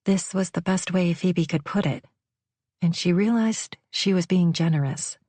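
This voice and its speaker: Low-voiced woman narrating a novel. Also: unhurried, warm tone, no echo. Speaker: audiobook narrator. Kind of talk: scripted narration.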